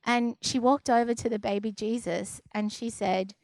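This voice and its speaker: A young adult woman telling a personal story to an audience in a lively, expressive way. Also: no echo. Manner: lively, acts out others' voices in a higher pitch; quieter and slower when describing the deep experience. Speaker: speaker sharing a personal story.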